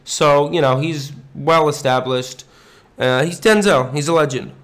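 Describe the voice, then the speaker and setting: A man's voice: a little high, fairly even intonation, unhurried, a bit bright. A man talking casually and enthusiastically, rambling with frequent ums and restarts as he ranks his favorite actors. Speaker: host ranking favorite actors. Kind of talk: casual unscripted commentary.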